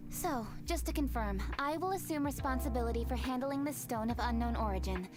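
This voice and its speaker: A woman playing a brisk, no-nonsense young official who speaks crisply and businesslike. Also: fairly high pitch, lightly acted. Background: loud game music.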